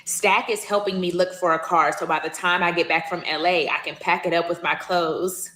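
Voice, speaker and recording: A woman's voice: fairly low pitch, fairly even intonation, moderate pace, fairly bright tone. A woman reading entries from her old diary aloud, breaking off for chatty asides to her listeners. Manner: chatty, addresses listeners as y'all. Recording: echoey room.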